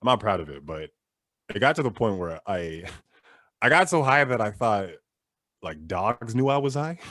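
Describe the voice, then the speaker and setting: A man's voice: on the low side, animated, normal speed, fairly bright tone, no room sound, studio quality. A young man doing a seated stand-up set, telling a loose, profane story and laughing at his own jokes. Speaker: stand-up comedian.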